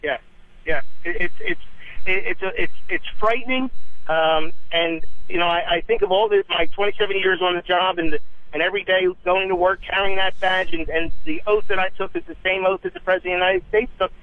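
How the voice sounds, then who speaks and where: Older man phoning in, high voice, earnest, halting, tinny phone line. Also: steady tone, no room sound. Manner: earnest, stumbling restarts. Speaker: caller, retired probation officer. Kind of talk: phone-in caller.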